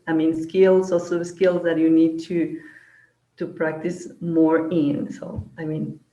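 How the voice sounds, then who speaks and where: A woman's voice: on the low side, a little mellow. Woman, webinar panelist, rambling, echoey room, dull lo-fi call audio. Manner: rambling, keeps saying "I mean". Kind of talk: online webinar answer.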